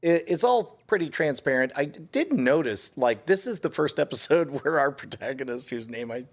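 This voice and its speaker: A man's voice: a little high, animated, normal speed. A man co-hosting a casual talk show, joking and laughing often as he talks. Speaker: co-host. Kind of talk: casual chat.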